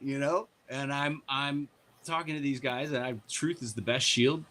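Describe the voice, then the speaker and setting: A man telling stories in a loose podcast chat, swearing freely and turning sarcastic. His voice is bright and forceful, at a middle pitch for a man. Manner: profane, animated, sarcastic. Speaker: party board member and guest. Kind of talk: casual podcast storytelling.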